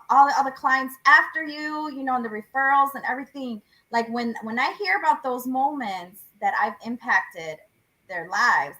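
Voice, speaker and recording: A woman's voice: fairly high pitch, pushed and bright, low-quality recording. A woman hosting a podcast, chatting casually and animatedly, laughing often. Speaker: podcast host and salon owner.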